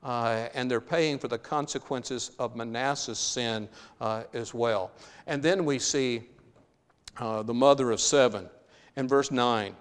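A man's voice: medium pitch, measured pace, clear, resonant tone, long reverb tail. A man preaching a sermon, reading scripture aloud with emphasis and then paraphrasing it in a conversational way.

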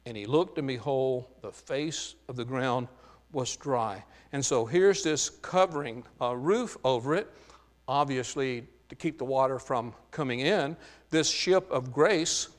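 A male preacher delivers a Bible sermon in a deliberate, emphatic cadence, pausing on key words and filling gaps with "uh." His voice sits a little high for a man. The recording carries a long reverb, as in a large church hall. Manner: slow, emphatic Bible teaching with frequent "uh" fillers.

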